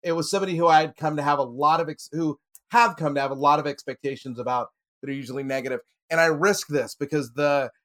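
A man's voice: fairly high pitch, fairly bright tone. A man on a podcast panel, telling a personal story in casual chat, with many fillers and laughs.

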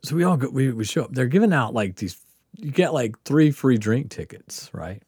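Podcast guest, man from the Gulf Coast: lively, profane storyteller, swooping pitch, dead-dry sound. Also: moderate pace, breathy edge, no room sound. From Mississippi Gulf Coast. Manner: animated, profane, laughing storyteller. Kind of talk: casual storytelling.

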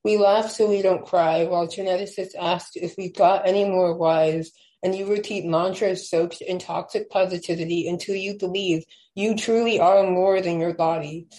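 A young woman, a podcast guest, chatting casually and then reading her own poem aloud with slow, measured stresses. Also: lowish voice, fairly even intonation, dark tone, poor audio. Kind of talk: casual chat and poetry reading.

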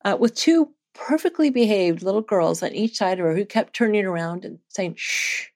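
A woman researcher, a guest in an interview, telling a personal story in an animated, earnest way and laughing now and then. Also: medium pitch, a little fast.

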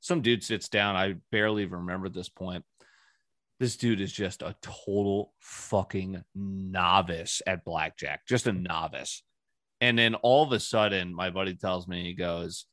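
Guy hosting a podcast, lowish voice, rambly and swears a lot, dry close sound. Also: fairly even intonation, measured pace, fairly bright tone, no room sound. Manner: rambling, profane storytelling. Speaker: podcast host. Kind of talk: casual chat.

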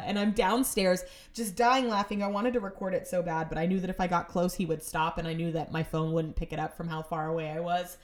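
Woman, casual storytelling, chatty, sarcastic asides, mid-pitched voice. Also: fairly even intonation, normal speed.

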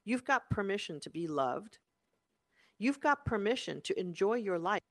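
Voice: mid-range voice, very animated, moderate pace, fairly bright tone, no echo, clean studio sound. A life coach giving a motivational talk, emphatic and insistent, repeating phrases and using spiritual wording about energy and the soul.

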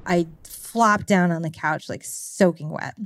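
A woman, a podcast guest, telling a travel story in a deliberate, suspense-building way. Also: fairly low pitch, no echo, clean studio sound.

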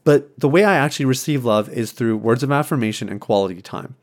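A married man hosting a podcast, talking earnestly in a casual, reflective monologue, often restarting his sentences and filling pauses with ums. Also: mid-range voice. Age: adult, married. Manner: earnest, conversational, many restarts and fillers. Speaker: podcast host.

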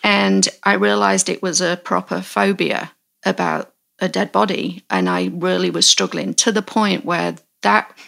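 A woman in her forties hosting a podcast, telling a story in a candid, halting way and often restarting her sentences. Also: fairly low pitch, animated, vocal fry, fairly bright tone. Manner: candid, halting, self-correcting. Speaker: podcast host. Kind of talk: storytelling in casual chat.

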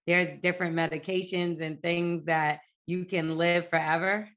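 A woman's voice: on the low side, level tone, moderate pace, a bit bright. A young adult woman co-hosting a podcast in casual chat, blunt and joking. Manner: blunt, joking, talks frankly about sex. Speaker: podcast co-host.

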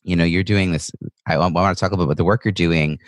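Low-voiced guy hosting, thoughtful and reflective, super dry recording. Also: steady tone, rapid-fire, no echo. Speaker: podcast host. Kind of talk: interview conversation.

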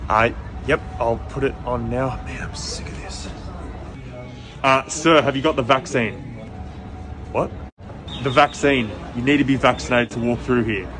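A man acting in a comedy sketch, playing a pushy, deadpan security guard and an exasperated customer in clipped exchanges. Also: medium pitch, unhurried, long pauses, music in the background, natural voice.

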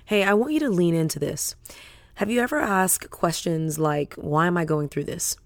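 An effusive woman hosts a faith podcast in a casual chat. Her voice sits fairly low, and the sound is close and dry. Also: expressive, normal speed, no echo. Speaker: podcast host.

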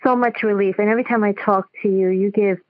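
A woman calls in to a radio show and talks in a grateful, halting way. Her voice sits in a mid register. It comes through a dull, dry phone line. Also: mid-range voice, steady tone, dry recording. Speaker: caller.

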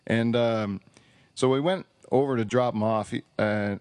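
A man's voice: medium pitch, measured pace, a little mellow, no echo. Rambling joking man, dry close sound. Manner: rambling storyteller, frequent restarts, joking. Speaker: podcast host. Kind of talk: casual chat.

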